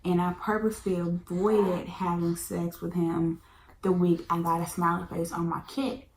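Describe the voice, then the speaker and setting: A woman's voice: on the low side, normal speed. A woman, telling a storytime in a casual chatty way, sometimes dropping to a whisper. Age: 20s. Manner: chatty, animated, drops into whispers. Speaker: vlogger. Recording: echoey room, faint background hum.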